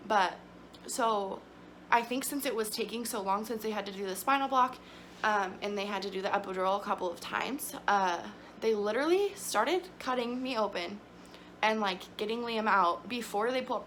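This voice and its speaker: Speaking casually to her camera, a young woman shares her story with emotion, lots of chatter and frequent fillers. Her voice is mid-range and fairly bright, at normal speed, with slight hiss or hum on the audio.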